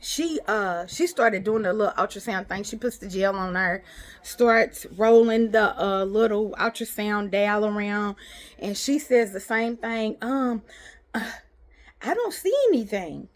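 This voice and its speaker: A woman's voice: mid-range voice, a little slow. A woman, telling an emotional storytime in casual chat, calling her listeners girl and honey. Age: 40s. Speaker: vlogger. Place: parked car.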